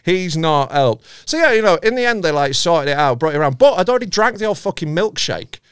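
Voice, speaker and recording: A man's voice: sits high, very animated, fast talker, fairly bright tone, smooth, no room sound, clean studio sound. A man telling a rambling, sweary story on a podcast. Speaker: podcast host.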